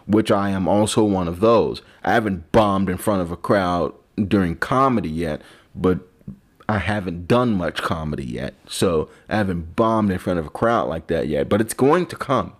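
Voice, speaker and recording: A man, a vlogger and comedian, drinking and rambling in a profane, self-mocking monologue. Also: sits low. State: drinking alcohol.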